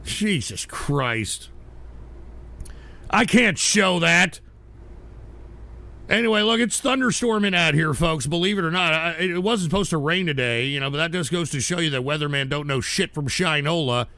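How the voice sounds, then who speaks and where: A man hosting a livestream talk show, scolding his audience in an exasperated rant that keeps breaking into shouts. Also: fairly high pitch, animated, normal speed.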